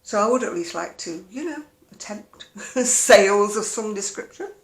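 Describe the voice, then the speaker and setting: A woman's voice: mid-range voice, expressive, normal speed, roomy sound. A woman chatting casually in a home vlog, wry and talkative. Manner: chatty, wry, mimics other people's voices. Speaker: vlogger. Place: at home, indoors.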